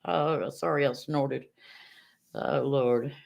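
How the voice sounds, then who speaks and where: A woman's voice: extremely low pitch, slow, gravelly, a little mellow. A woman, chatting casually on a livestream, rambling and laughing often. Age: 50s. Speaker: livestream host.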